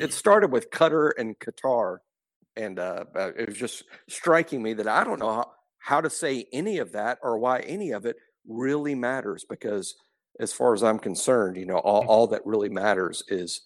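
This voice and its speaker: A man's voice: medium pitch, lively intonation, normal speed. A man from southwestern Alabama with a Southern accent, co-hosting a podcast in jokey, self-mocking casual chat. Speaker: podcast co-host.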